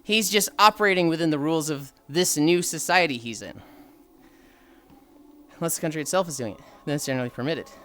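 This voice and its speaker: Rambling streamer woman with lively pitch. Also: fairly quick. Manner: rambling, thinking aloud, frequent sighs. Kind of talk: casual live-stream chat, reading chat aloud. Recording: faint music behind.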